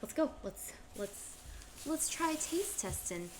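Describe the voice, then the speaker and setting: A woman's voice: high voice, very animated, slow pace, darkish tone, a little hiss or hum. A woman chatting casually through a cooking livestream, playful and bubbly as she talks to her viewers. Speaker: streamer.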